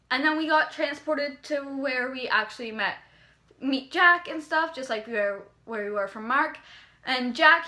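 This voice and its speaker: A young Canadian woman vlogger eagerly tells a story in casual chat, rambling and packing in lots of "like"s. Her voice is high.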